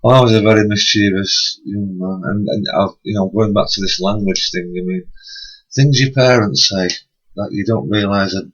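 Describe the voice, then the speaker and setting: A man's voice: on the low side, fairly even intonation, moderate pace, fairly bright tone, husky. A man chatting casually, dry and joking. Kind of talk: casual chat. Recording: dull, muffled recording.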